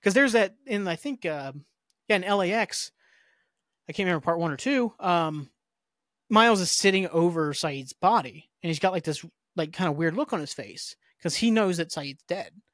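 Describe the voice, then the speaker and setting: A man's voice: high voice, expressive, moderate pace, fairly bright tone, no room sound, studio quality. A man hosting a podcast, casually recapping a TV episode in a rambling way, with many fillers. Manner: rambling, filler-heavy storytelling. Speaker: podcast host.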